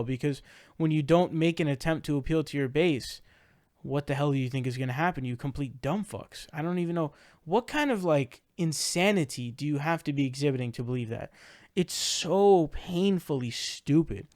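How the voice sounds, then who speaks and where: A man's voice: on the high side, normal speed, darkish tone, dry recording, studio quality. A man giving casual political reaction commentary, ranting in exasperation with frequent swearing.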